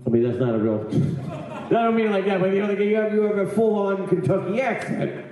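A man's voice: high-pitched, a little fast, heavy reverb, narrow, tinny audio. A man doing brash, profane stand-up crowd work, riffing with the audience from a club stage. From eastern United States.

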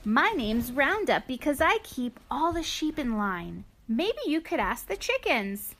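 A woman's voice: high voice, sing-song, measured pace, fairly bright tone, slight background noise, exaggerated voice. A woman reading aloud as a friendly, good-humored farm dog in a children's storybook. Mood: amused.

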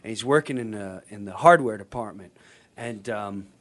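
A middle-aged man hosting a talk show, telling a comic story in an animated way, laughing and breaking into shouted voices. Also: fairly low pitch, moderate pace. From New York area. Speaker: radio show host.

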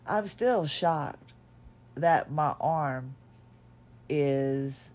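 A middle-aged woman hosting a podcast, talking in a reflective personal monologue, tired, emotional and halting, with many restarts, recorded at home. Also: sits low, expressive, a little mellow. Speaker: podcast host.

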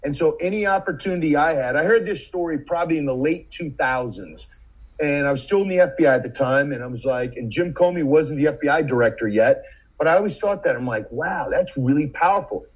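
A middle-aged man from the United States holds the floor as a podcast guest. He tells a vivid story in a slightly higher voice and acts out the lines of the people in it. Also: expressive, fast, low-quality recording. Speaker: podcast guest, former FBI agent. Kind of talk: storytelling in conversation.

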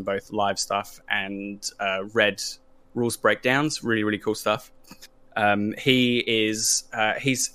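A man with a bright, forceful voice pitched a little low, talking casually about his tabletop game projects. He stumbles through plenty of ums and uhs and restarts as he goes. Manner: hesitant, many fillers and restarts. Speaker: podcast host and game master. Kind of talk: casual panel chat.

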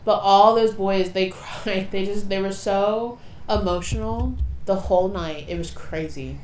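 A young woman co-hosting a podcast, telling a story in a casual, animated way and swearing freely. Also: mid-range voice, a little slow. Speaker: podcast co-host. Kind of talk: casual chat. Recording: echoey room with faint noise.

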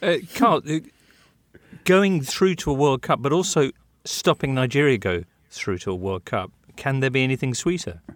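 A man's voice: medium pitch, moderate pace, dry recording. A man with a mid-range voice hosts the conversation and puts short, prompting questions to his guest. The recording is close and dry, with no room sound. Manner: brief prompting questions and reactions. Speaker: podcast host. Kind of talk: casual chat.

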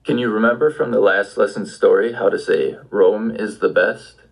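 A man's voice: on the low side, normal speed, vocal fry, husky, low-quality recording. A man giving an audio language lesson, patiently prompting the listener with questions. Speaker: language teacher.

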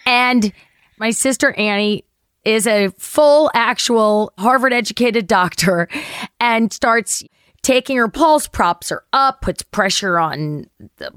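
Animated middle-aged woman telling a story. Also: slow, clear, resonant tone, no room sound, clean studio sound. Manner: animated, acts out quotes with big pitch jumps, swears. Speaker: actress guest. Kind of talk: lively anecdote telling.

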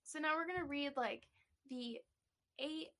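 A woman's voice: high voice, unhurried, bright, forceful tone. A woman co-hosting a podcast in casual chat, chatty and giggly, saying "like" often. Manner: chatty, giggly, says "like" a lot. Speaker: podcast co-host.

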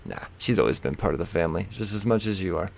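A man with a low, gravelly voice hosts a solo podcast in a loose, rambling way. He fills gaps with ums, swears freely and pokes fun at himself as he goes. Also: lively intonation, quick pace. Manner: rambling, self-mocking, swears, frequent fillers and laughs. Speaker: podcast host. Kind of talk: casual solo comic-book podcast chat.

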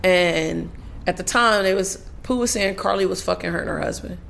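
A woman's voice: on the low side, moderate pace, vocal fry, fairly bright tone, slight background noise. A woman guest talking candidly and profanely in a casual chat, often laughing.

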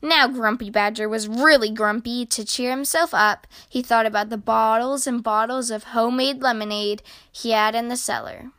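A woman reads a children's storybook aloud, lively and expressive. Her voice is bright and a little high, recorded close and dry. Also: normal speed, no room sound. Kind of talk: reading a picture book aloud.

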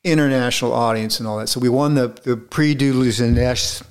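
A man's voice: medium pitch, fairly even intonation, fairly quick, smooth. A middle-aged man, a film director being interviewed, telling long, rambling stories in a casual way with many restarts.

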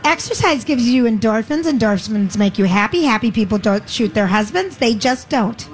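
A woman's voice: a little high, animated, moderate pace, natural voice. A woman acting out a perky young woman's pep talk in a Southern US accent.

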